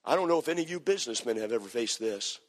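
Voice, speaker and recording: Impassioned preacher in a reverberant hall. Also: male voice, mid-range voice, animated, very fast. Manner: impassioned, repetitive, rising to shouted climaxes. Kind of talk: sermon storytelling.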